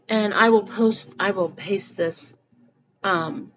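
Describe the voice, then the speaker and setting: In her rambling personal vlog, a spiritual vlogger speaks earnestly to viewers, often starting her sentences again. She takes it slowly at a medium pitch. Her recording is slightly muffled, with a faint noise behind it.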